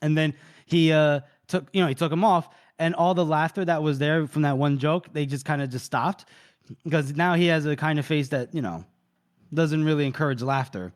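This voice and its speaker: A man on a book podcast, walking his co-hosts through a chapter in an easygoing, meandering way. His voice sits a little high for a man. He drops in characters' dialogue with a light touch rather than fully acting it. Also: normal speed. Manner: retells scenes loosely, voicing characters' lines in passing. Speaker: podcast co-host recapping a novel. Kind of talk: casual chat.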